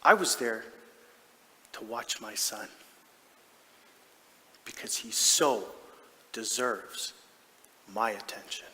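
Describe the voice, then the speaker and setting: A man's voice: on the low side, slow pace, pauses often, slight background noise, full character voice. A man playing a proud, doting hockey dad in a comedic stage monologue, chatty and self-mocking. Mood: fond. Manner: chatty and self-mocking, with sudden excited outbursts. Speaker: stage actor. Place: large theatre stage. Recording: reverberant theatre hall.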